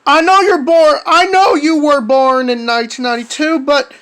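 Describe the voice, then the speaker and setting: A man replying to another video, speaking in a measured, lecturing tone with stiff phrasing. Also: very high-pitched, steady tone, a bit bright. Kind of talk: calm commentary.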